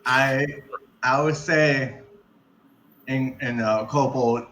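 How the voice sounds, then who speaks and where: A man's voice: mid-range voice, steady tone, a bit bright, a little hiss or hum. A man playing a tabletop game, speaking hesitantly and in character at times. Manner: hesitant, halting. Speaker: player. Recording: dull lo-fi mic.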